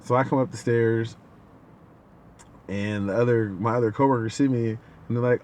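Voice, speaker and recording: Male podcast host with a lively, swinging pitch. He tells a casual story and acts out the people in it. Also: quick pace, vocal fry, muffled recording. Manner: animated, acts out the people in his stories.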